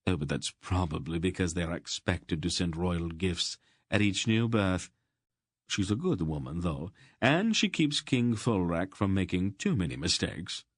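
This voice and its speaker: A man's voice: low voice, lively intonation, unhurried, no room sound, studio quality. A man reading the part of a sly, worldly nobleman, speaking in a wry, matter-of-fact way.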